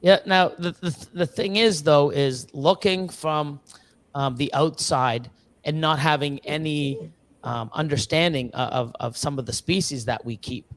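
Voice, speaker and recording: Earnest rambling man, fairly high voice. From Canada. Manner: earnest, rambling, with many restarts and fillers; acts out other people's voices in quick bursts. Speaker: reptile breeder guest. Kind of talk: casual live-stream chat.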